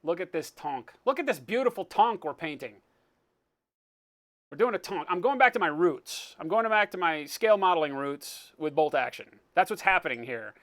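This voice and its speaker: A man's voice: fairly high pitch, expressive, normal speed, a bit bright. A man hosting a live painting stream, chatting casually, joking and greeting viewers by name. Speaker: livestream host, miniature painter.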